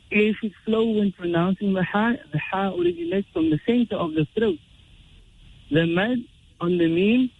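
A man teaching Quran recitation rules, explaining slowly and chanting drawn-out example verses. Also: sits high, vocal fry, husky. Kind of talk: tajweed lesson with recited examples. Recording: tinny phone-like radio sound.

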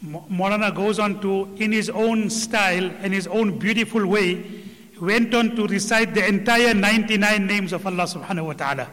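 High-voiced man, reverberant hall. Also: moderate pace, a bit bright. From Indian subcontinent. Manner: earnest, recites Arabic verses with emphasis. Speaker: religious speaker. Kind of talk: religious commentary.

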